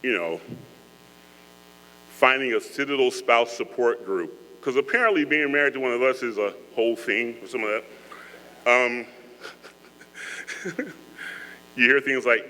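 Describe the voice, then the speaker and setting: A man's voice: mid-range voice, measured pace, long pauses, bright, forceful tone. A man giving a joking, earnest speech to cadets, talking to them in a conversational way. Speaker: guest speaker. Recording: echoey hall with mains hum.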